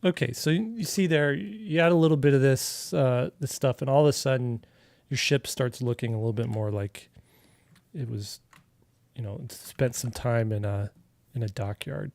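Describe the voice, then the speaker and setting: A man from Arizona giving a relaxed, chatty digital art tutorial, talking as he works, with filler words and restarts. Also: mid-range voice, moderate pace, gravelly, no room sound. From Arizona, USA. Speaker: artist teaching a digital coloring tutorial. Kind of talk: casual live drawing tutorial.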